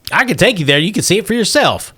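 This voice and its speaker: A man voicing an ancient, magically animated male moth that is crude and cranky. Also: high-pitched, quick pace, breathy edge, voice pushed up, full character voice.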